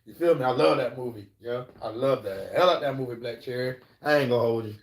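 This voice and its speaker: A man with a mid-range voice talks at a quick pace as he live-streams from an echoey room. His storytelling is casual, rambling and profane, and he often checks in with listeners by asking "you know what I'm saying".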